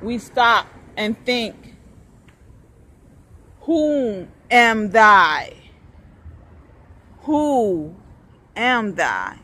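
Slow, high-voiced woman musing aloud. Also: sing-song, bright, forceful tone. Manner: meandering, repetitive, swears freely. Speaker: vlogger. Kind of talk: rambling spiritual monologue.

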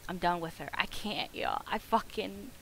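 A woman streaming a game, talking casually and cursing freely as she plays. Her voice is bright and forceful, and she yells at the screen. A faint hiss of noise sits under her voice. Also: mid-range voice, normal speed. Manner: cursing, excitable, yelling at the game. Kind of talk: casual gameplay commentary.

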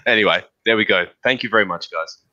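A man's voice: fairly low pitch, fast talker, pushed and bright. A man joining a livestream chat as a guest, playful, often stumbling and repeating words. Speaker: guest co-host. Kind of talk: casual chat. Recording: dull lo-fi mic.

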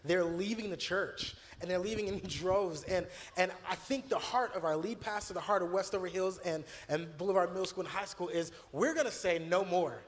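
Earnest male youth pastor, slightly raised pitch, storytelling, recorded in a reverberant room. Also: moderate pace, few pauses. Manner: earnest, storytelling, many fillers and restarts. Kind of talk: church video conversation.

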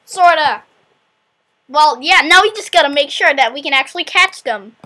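A high, sharp-toned female voice chats casually as host while building a game. She is quick to get excitable and shriek when things work or break. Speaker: channel host.

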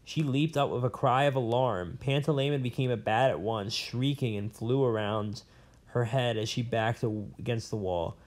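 A man's voice: mid-range voice, moderate pace. A man reading a novel aloud in a plain way, with small slips and restarts. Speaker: reader.

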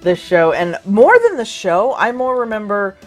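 A woman in her thirties co-hosting a casual chat about thrift and flea market finds, excitable and jokey. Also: medium pitch, normal speed, faint music behind. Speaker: co-host.

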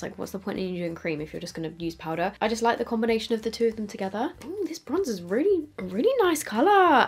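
A young woman, chatting casually through a makeup tutorial, self-mocking and trailing off as she works. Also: a little high. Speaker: beauty vlogger.

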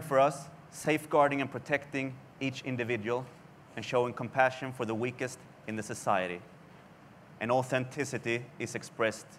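A man from Sweden, a creative director giving a conference presentation in a deliberate way, his phrases dropping at the ends. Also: mid-range voice, fairly bright tone, a little hiss or hum. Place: conference hall.

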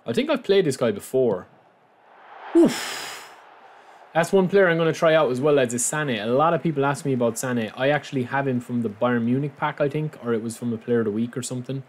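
Young male gamer, casual commentary, loud outbursts at big plays. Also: mid-range voice, fairly quick, slight background noise. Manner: excitable, reacting loudly to plays. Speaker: gaming YouTuber.

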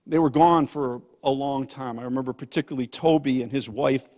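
An older man, a guest pastor, telling a family story in a sermon, swinging from loud to hushed. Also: medium pitch, fairly even intonation, fairly quick. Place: church sanctuary. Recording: long church hall reverb.

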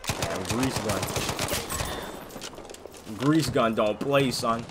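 A man hosting a gaming video, giving excited, slangy commentary while he plays, often yelping or shouting. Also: medium pitch, drawn-out words. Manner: jokey, yelps and shouts at sudden moments, slangy. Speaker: gaming channel host. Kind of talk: excited live gameplay commentary. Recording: gunfire and game noise clearly behind.

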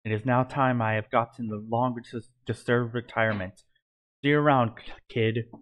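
A man voicing a weary male warrior heading into retirement, calm and dry. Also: medium pitch, normal speed, close to an everyday voice.

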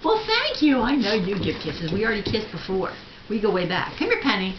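A woman's voice: medium pitch, brisk. A woman at home coaxing and baby-talking to a pet in a sing-song voice, recorded on a handheld camera. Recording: dull home video with steady noise.

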